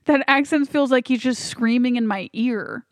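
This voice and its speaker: A woman's voice: fairly high pitch, moderate pace, dry recording, clean studio sound. A woman co-hosting a podcast, recapping scenes in a casual, exasperated chat. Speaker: podcast co-host. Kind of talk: casual movie review chat.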